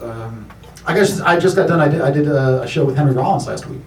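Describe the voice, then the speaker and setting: A man's voice: on the high side, animated, fast talker, slight background noise. A man doing a loose, profane stand-up set in a comedy club, laughing through his lines and working the crowd. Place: comedy club stage with an audience. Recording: roomy club recording from far off with crowd.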